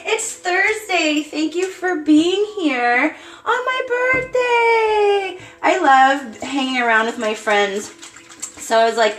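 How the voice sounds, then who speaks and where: A woman's voice: sits high, takes it slowly, fairly bright tone, roomy sound, rough recording. A woman hosting a casual live stream at home, bubbly and chatty, greeting viewers by name and cooing at her cat.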